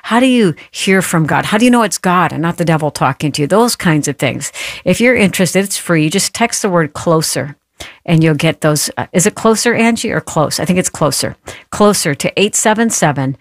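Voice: medium pitch, animated, brisk, no room sound, clean studio sound. The host of a Christian interview show, introducing a guest and affirming him as he speaks. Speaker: podcast host.

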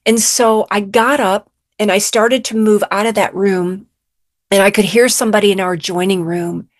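A woman's voice: medium pitch, steady tone, normal speed, no room sound, studio quality. Woman telling a heartfelt faith story. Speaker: guest. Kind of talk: emotional personal testimony.

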